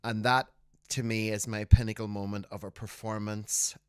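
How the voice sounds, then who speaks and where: A man's voice: on the low side, level tone, normal speed, a bit bright, smooth, no room sound, clean studio sound. A man co-hosting a casual podcast, reminiscing fondly and giggling. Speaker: podcast co-host.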